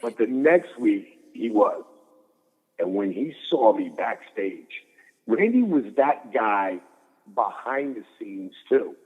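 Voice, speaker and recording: A middle-aged man telling stories as a guest in an interview, animated and swearing freely. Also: on the low side, takes it slowly, husky, in a large hall, rough recording. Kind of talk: storytelling interview.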